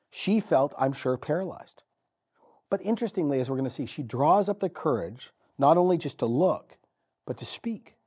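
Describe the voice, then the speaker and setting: A man preaching a sermon as pastor, telling the story with dramatic pauses and repetition. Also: on the high side, a little mellow, breathy edge. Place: church.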